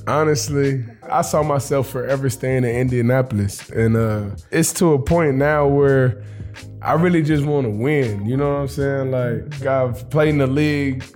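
A man's voice: mid-range voice, steady tone, unhurried, a little mellow, faint music behind. A man in his late twenties who plays pro football, giving a candid, loose interview answer full of slang fillers. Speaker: football player.

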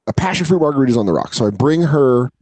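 A man tells a long, animated story on a casual podcast. He swears freely and drops into quick impressions of the people he describes. His voice sits in a middle register, and the recording is dry and close. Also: medium pitch, no echo. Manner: profane, animated, acts out the people in his stories. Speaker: podcast co-host, comedian.

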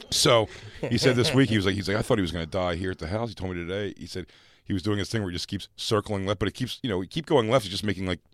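Low-voiced man telling stories. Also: fast. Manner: animated storyteller who laughs often. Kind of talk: casual chat.

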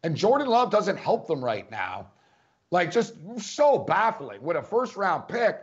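A man's voice: high-pitched, big pitch swings, a little slow, muffled recording. A man co-hosting a sports podcast, emphatic and incredulous, hammering his points in casual debate.

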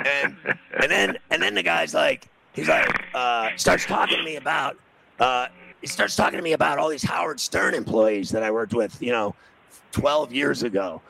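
A man's voice: fairly high pitch, moderate pace, gravelly, background noise. A middle-aged man from New City, telling a casual anecdote and acting out the quoted dialogue. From New York City.

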